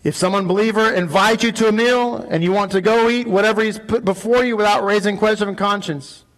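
Guy giving a sermon at synagogue, high voice, gets loud and pushy when he argues. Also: fairly even intonation, a little fast. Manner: emphatic, rising to loud high peaks when arguing. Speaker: rabbi.

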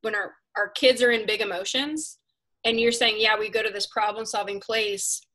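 A woman hosting a casual live chat, candid and self-mocking, getting animated when she quotes herself. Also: medium pitch, moderate pace, low-quality recording. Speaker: host.

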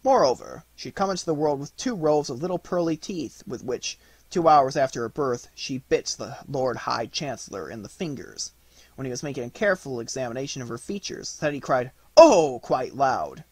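A man narrating a classic storybook aloud in an expressive, lively way. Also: medium pitch, brisk, husky, dry recording. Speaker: audiobook narrator.

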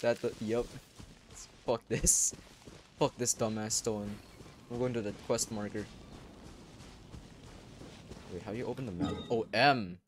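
A young man giving casual gameplay commentary, crude and excitable, breaking into sudden loud outbursts. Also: fairly low pitch, a little slow, pauses often, background noise. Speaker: gaming YouTuber. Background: faint game music.

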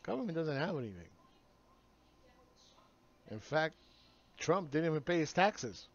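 A man's voice: a little high, big pitch swings, measured pace, muffled recording. A man ranting sarcastically in a solo video monologue, mocking the people he argues against. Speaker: market commentator.

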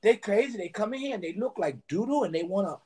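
A man's voice: high-pitched, lively intonation, fast talker, mellow, breathy edge, pitched above the performer's own voice. A man imitating a sleazy male nightclub manager who mocks and insults the people in line. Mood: dismissive. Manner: sneering, mocking the people in line.

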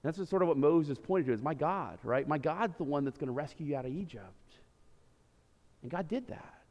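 A man preaching a sermon as pastor, animated, swinging from loud emphasis to quiet, low lines. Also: brisk, muffled recording. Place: church sanctuary. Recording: reverberant church hall.

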